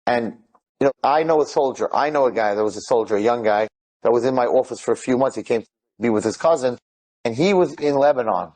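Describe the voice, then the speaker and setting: A man, retelling stories in an excited, rambling way, mixing in Hebrew and Yiddish words. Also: medium pitch, fast talker. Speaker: speaker telling inspirational stories. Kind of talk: animated storytelling talk.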